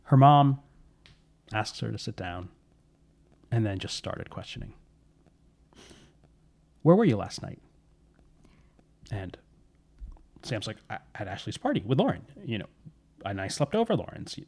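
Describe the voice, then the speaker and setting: A man recounts a spooky story in a relaxed, conversational way, with a voice sitting on the low side. He drops into short quoted lines for the characters as he goes. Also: normal speed, pauses often.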